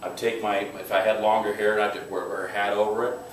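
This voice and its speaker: A man's voice: lowish voice, little pitch movement, a little fast. Male self-defense instructor, emphatic and direct, heard from a distance in a very echoey room. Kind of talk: teaching a class. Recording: echoey room, mic far off, faint noise.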